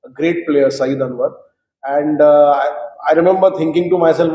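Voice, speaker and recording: A man's voice: a little high, normal speed. Man reminiscing in an echoey room. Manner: animated storyteller, frequent fillers. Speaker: cricket guest recalling matches. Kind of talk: reminiscing conversation. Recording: roomy echo.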